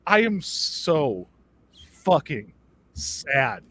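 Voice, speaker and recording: A man co-hosting a comedy podcast, talking in a profane, excitable, ranting way. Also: a little high, drawn-out words. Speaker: podcast co-host. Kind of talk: casual comedy chat.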